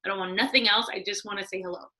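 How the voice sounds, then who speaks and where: A middle-aged woman, a former studio executive, telling lively stories in casual conversation, acting out what people said and laughing often. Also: mid-range voice, rapid-fire, poor audio. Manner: animated, acts out quotes, laughs often. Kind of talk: casual storytelling.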